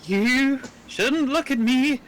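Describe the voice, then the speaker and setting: A man's voice: very high voice, fairly bright tone, slight background noise, pitched above the performer's own voice, exaggerated voice. A man voicing a menacing sea hag who drags out a threat to curse the listener. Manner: slow, drawn-out threatening. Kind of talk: voicing a tabletop character.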